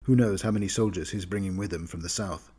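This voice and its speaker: A proud older Grand Duke, forceful and indignant at being lied to, as a man reads him. The voice sits low and dark with a husky edge. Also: fast. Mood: grave.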